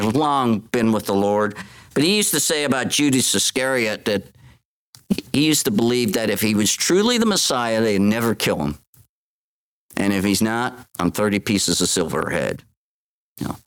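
A man preaching a sermon, animated, acting out the voices of Bible figures as he quotes them. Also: on the low side, a little fast.

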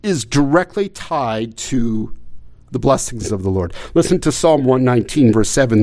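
A man's voice: mid-range voice, lively intonation, moderate pace, a little mellow. A man preaching a sermon, often stumbling into repeated words and asking his listeners rhetorical questions. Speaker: pastor.

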